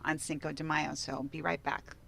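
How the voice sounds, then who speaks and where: A woman co-hosting a casual talk show, giving brisk, upbeat announcements. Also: deep voice, little pitch movement, creaky, fairly bright tone. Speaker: co-host. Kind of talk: casual chat.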